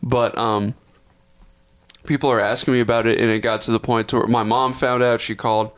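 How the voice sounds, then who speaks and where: A man's voice: medium pitch, little pitch movement, fairly quick. A young man from Texas, a podcast co-host, telling a long story in a rambling, profane way, often correcting himself. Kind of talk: casual storytelling.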